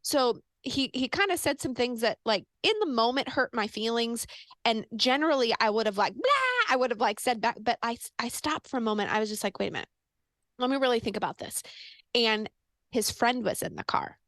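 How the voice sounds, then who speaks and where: A middle-aged woman hosting a podcast, talking in an earnest, animated way and telling stories casually. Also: a little high, a little fast, no echo. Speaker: podcast host.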